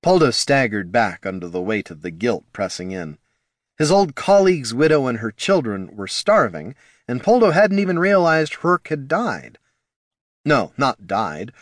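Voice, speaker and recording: A man narrating a fantasy story in an expressive storytelling way. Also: mid-range voice, a little slow, no echo, clean studio sound. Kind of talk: audiobook narration.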